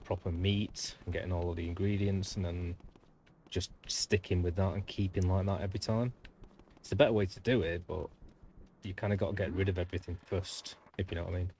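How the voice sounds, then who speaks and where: A man with a low, deep voice talks through a game stream in a loose, rambling way. He chats straight to his viewers, drifting between topics and throwing in the odd mild swear word, with faint noise in the background. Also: fairly even intonation, fairly quick, warm tone. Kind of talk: casual gameplay commentary.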